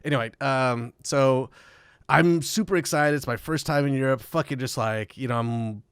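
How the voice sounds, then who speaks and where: A man's voice: mid-range voice, normal speed, clear, resonant tone, dry recording, studio quality. A man guest on a podcast, telling rambling, profane tour stories in casual chat and laughing often. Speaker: podcast guest, metal musician.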